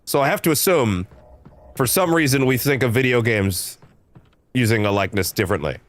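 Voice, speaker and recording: A man's voice: medium pitch, animated, a little fast. A man streaming a game, giving rambling, self-interrupting casual commentary and swearing freely. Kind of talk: casual let's-play commentary.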